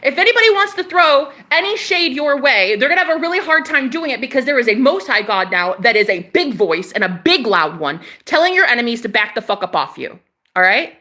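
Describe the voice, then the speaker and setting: A woman delivers an impassioned spiritual pep talk, swearing freely and hammering phrases again and again. Her voice sits a little high and rings bright and sharp, with sudden loud bursts that drop into hushed prayer. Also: sing-song, fairly quick. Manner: emphatic and profane, repeating phrases for emphasis; swings between loud outbursts and soft murmured prayers. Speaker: spiritual channeler.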